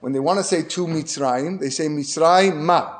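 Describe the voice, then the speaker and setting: A man's voice: a little high, a little fast. Emphatic man giving a Torah lesson. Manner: storytelling, grows emphatic and louder when making points; frequent restarts and fillers, sprinkled with Hebrew terms. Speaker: rabbi.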